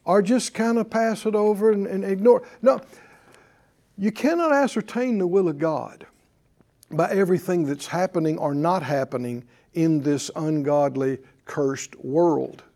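A man's voice: high voice, measured pace, mellow. A male pastor preaching a sermon to a live congregation, with emphatic call-and-response delivery. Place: church before a live congregation.

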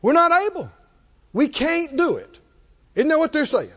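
Male preacher, high-pitched and animated, emphatic call-and-response, church hall reverb. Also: moderate pace. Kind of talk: sermon. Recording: long hall reverb, dull lo-fi sound.

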